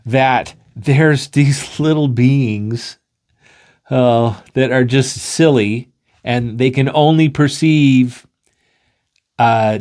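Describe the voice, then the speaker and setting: A man explaining an idea through an animated story, acting out the scenes as he goes. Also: medium pitch.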